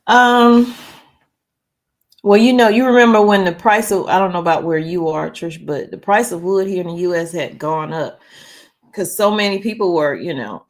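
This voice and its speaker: A woman chatting casually on a livestream, rambling and reading viewer comments aloud. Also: lowish voice. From North Carolina. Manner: rambling, chatty, many "um"s and restarts. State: struggles to read, reads slowly. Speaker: livestream host.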